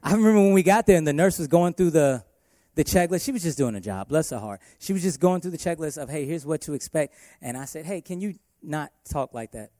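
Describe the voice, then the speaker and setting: Male worship pastor preaching, emphatic delivery, mellow tone, close dry sound. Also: fairly high pitch, expressive, quick pace, hardly any pauses, no echo. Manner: emphatic preaching with shifting loudness. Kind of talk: sermon.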